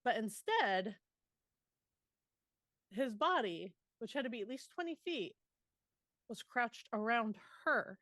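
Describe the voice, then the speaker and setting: A woman's voice: fairly high pitch, very animated, slow pace, long pauses, a bit bright, dry recording. Dry-voiced woman podcaster, short quips. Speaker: podcast co-host. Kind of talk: casual book-club chat. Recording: dry close-mic sound.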